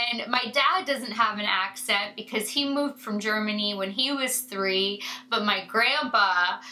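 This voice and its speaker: Slow, chatty, bright-voiced woman vlogger. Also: fairly high pitch, slight background noise, poor audio. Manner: chatty and rambling, with many fillers and asides. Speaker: beauty vlogger. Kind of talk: casual chat to camera.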